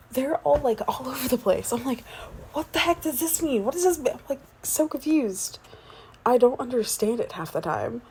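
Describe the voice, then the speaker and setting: A woman's voice: sits high, a little mellow, slight background noise. A woman in her twenties doing a whispered role-play as the listener's sleepy, chatty fiancée, rambling between yawns.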